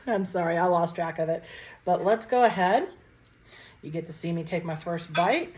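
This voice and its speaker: A woman's voice: on the low side, normal speed, darkish tone. A woman chatting casually to her viewers while cooking and tasting food in a home kitchen. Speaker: cooking vlogger.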